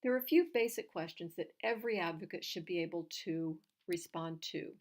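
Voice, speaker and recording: A woman, a legal writing instructor, giving clear, direct numbered tips on oral argument. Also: lowish voice, brisk.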